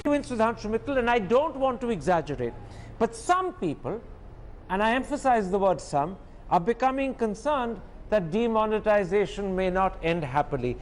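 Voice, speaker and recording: A man anchoring a TV news debate, sardonic and quick to interrupt his guests. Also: sits high, very animated, slight background noise. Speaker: TV debate host. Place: TV studio.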